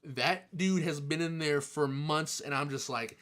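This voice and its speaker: Bright-voiced excitable man answering chat. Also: fairly high pitch, measured pace. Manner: chatty, excitable, jokes and laughs often. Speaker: streamer answering chat questions. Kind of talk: casual live-stream Q&A.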